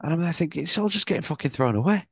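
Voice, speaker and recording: This British co-host talks at a racing pace in a fairly high-pitched voice with no echo. He's an animated storyteller in a casual chat, and his stories are packed with swearing.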